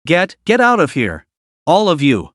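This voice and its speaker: A man's voice: on the high side, wildly swooping pitch, unhurried, fairly bright tone, no echo, clean studio sound, heavily acted. A man voicing a frantic, tearful young sister. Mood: desperate. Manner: screaming, pleading, trembling. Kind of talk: storybook recap reading.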